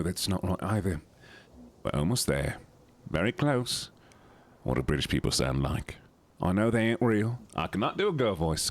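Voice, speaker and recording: A man streaming a video game, joking with his chat and reading the game's text aloud. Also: on the low side. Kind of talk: casual livestream commentary.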